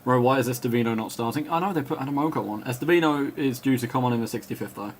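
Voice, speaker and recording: A man doing live play-by-play commentary, calling player names in quick bursts, chatting and laughing with viewers, and rising to shouts when a goal goes in. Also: medium pitch, a little hiss or hum. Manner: chats and laughs with viewers between calls. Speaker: match commentator.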